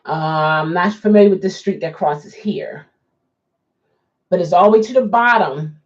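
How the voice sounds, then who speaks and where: A woman's voice: on the low side, normal speed. A woman, a rideshare driver chatting casually with viewers, rambling and restarting her sentences. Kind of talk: casual live chat, answering viewers. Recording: dull lo-fi sound.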